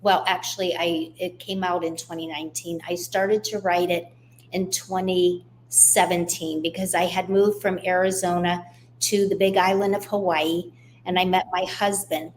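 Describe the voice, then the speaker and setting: A woman guest on a radio interview, telling her life story in a candid, steady way. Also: lowish voice, moderate pace, slight background noise. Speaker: guest author.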